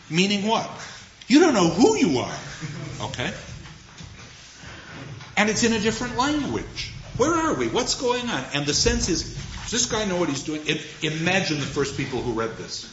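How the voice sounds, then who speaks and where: Animated male lecturer in a roomy space. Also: sits high, moderate pace, a little hiss or hum. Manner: animated, rhetorical questions, dramatic emphasis, drops to a hush for readings. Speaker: lecturer on poetry. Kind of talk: lively literature lecture. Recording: roomy, dull lo-fi recording.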